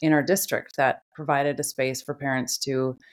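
A middle-aged woman who hosts a podcast chats casually, telling a funny story from home and laughing in an animated way. Her voice rumbles low at a moderate pace.

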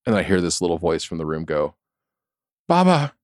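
A man's voice: very deep voice, steady tone, fast, no echo, studio quality. A middle-aged man co-hosting a podcast, chatting casually, laughing often, swearing and stumbling over restarts. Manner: laughing, profane, stammering restarts. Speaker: podcast co-host. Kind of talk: casual chat.

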